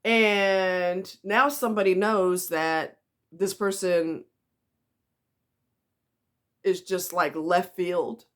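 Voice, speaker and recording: A woman's voice: on the low side, fairly even intonation, drawn-out words, pauses often. A woman talking casually to the camera, giving blunt relationship advice in a sassy way and acting out what other people say. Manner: blunt, sassy, acts out quoted voices. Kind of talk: casual monologue.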